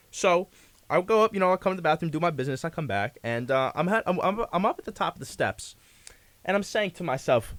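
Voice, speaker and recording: A man's voice: a little high, expressive, quick pace, bright, forceful tone, no echo. A young man, a guest on a talk show, casually telling a long story, full of fillers, restarts and "you know".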